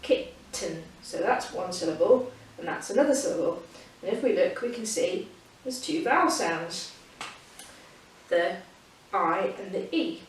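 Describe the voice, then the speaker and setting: Recorded at home during lockdown, a woman teaches children about reading, patient and encouraging, and sings a silly song. Her voice sits on the low side, expressive and unhurried. The room echoes, she is far from the mic, and there is a faint hiss.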